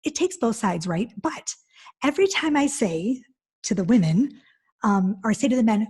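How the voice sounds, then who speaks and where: Husky, animated woman talking as a guest. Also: fairly high pitch, normal speed. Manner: animated, expressive storyteller. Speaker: divorce specialist guest. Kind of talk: conversational interview.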